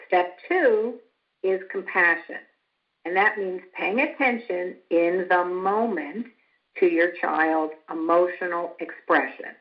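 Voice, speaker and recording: A woman psychologist giving a calm, instructive talk who now and then acts out example dialogue. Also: slow. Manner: calm and instructive, acts out quoted lines with rising pitch. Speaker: psychologist lecturing on family estrangement. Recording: slightly dull lo-fi sound.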